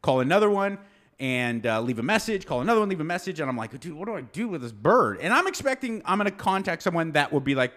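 A man telling a story in casual chat, animated and acting out the people he quotes. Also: on the high side, fast talker. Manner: animated, acts out quoted people, laughs often. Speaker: podcast co-host telling a story.

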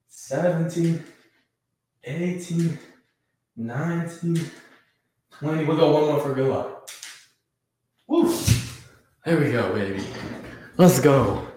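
An excitable young man in his twenties talks loose and slangy on a home livestream, whooping and laughing between thoughts. His voice sits in an ordinary middle register. The room around him rings with a noticeable echo. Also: mid-range voice, a little hiss or hum. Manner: hyped, slangy, quick to laugh. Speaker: host of a fan livestream. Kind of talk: casual live chat. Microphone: camera set on the floor. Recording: roomy echo.

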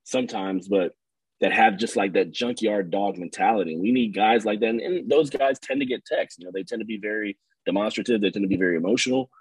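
A man with a low, husky voice talking basketball in a relaxed podcast conversation. He rambles and circles back on his words, earnest rather than polished. The sound is close and dry. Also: brisk, no room sound, poor audio. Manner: rambling, many fillers and restarts, earnest. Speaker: podcast co-host. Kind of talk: casual sports chat.

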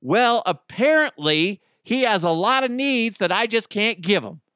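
A man voicing an indignant wife who bluntly complains, in a shrill, huffy tone. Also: lively intonation, a little slow, sharp tone, clear, resonant tone, dry recording, studio quality, full character voice.

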